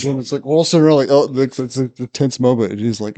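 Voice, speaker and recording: A man hosting a podcast, telling a work story in casual chat, his voice climbing high as he laughs through it. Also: rapid-fire, hardly any pauses, dark tone. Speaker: podcast host, police officer.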